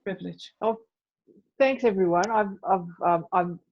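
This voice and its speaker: A woman moderating a panel over a video call, wrapping up with quick thanks. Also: medium pitch, dull audio.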